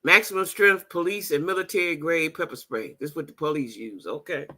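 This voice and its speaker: A woman's voice: deep voice, a little fast, bright, forceful tone. A woman hosting a casual livestream, chatting with her audience and reading their comments aloud. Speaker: livestream host.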